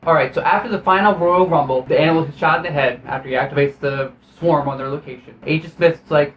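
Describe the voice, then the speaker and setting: This film-reviewing video host talks briskly in a slightly high voice, barely pausing as he rambles and restarts through a sarcastic, foul-mouthed movie recap. The audio has its highs cut off and a bit of hiss or hum.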